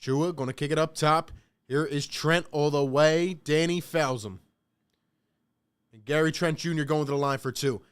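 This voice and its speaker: A man's voice: on the high side, normal speed, smooth. A young man hosting a casual live stream, calling play-by-play and reacting, talking slangy and straight to his chat from a home setup.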